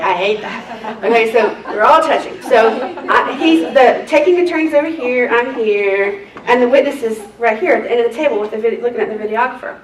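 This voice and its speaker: A woman, a court reporter, tells lively stories to a seminar group and acts out the people she quotes. Her voice sits fairly high. The room is echoey, the mic is some way off, and a faint hiss sits underneath. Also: distant mic. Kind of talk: anecdotal seminar talk to a group.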